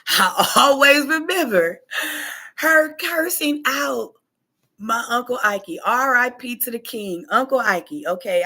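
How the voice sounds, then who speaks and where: A woman hosting her own show, telling family stories in a casual, lively way and punctuating points with an emphatic "okay?". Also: fairly high pitch. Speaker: podcast host. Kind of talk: casual personal storytelling.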